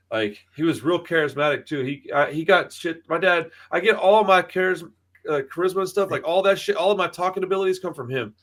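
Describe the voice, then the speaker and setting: This thirty-something podcast co-host has a slightly bright voice on the high side. He swaps stories in casual chat, swearing freely and performing the voices of whoever he's quoting.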